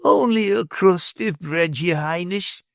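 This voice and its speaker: A man's voice: high voice, slow pace, vocal fry, a bit bright, dry recording, clean studio sound, voice pushed up, heavily acted. A man voicing a frail, dignified old beggar who pleads meekly. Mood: pleading. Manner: meek, pleading.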